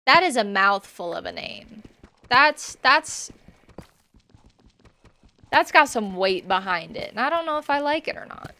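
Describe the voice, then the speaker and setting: Woman streamer, casual rambling gaming chat, bright tone, gravelly fry. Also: a little high, sing-song, unhurried, pauses often. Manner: rambling, chatting with viewers while playing.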